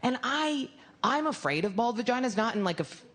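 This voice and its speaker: A woman's voice: fairly high pitch, big pitch swings, brisk. A woman comedian doing a stand-up routine on a club stage, telling a crude story in a rambling, self-interrupting way. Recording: live club recording with audience noise.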